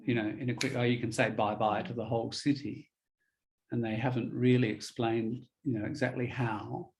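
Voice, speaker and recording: A man teaching English in a relaxed one-on-one lesson, explaining ideas patiently and spelling words out. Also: medium pitch, moderate pace, slight background noise, poor audio.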